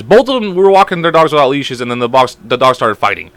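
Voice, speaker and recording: A young man co-hosting a casual podcast, telling stories in an animated way and swearing a lot. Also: mid-range voice, no room sound. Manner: fast, animated storytelling with lots of swearing. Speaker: podcast co-host.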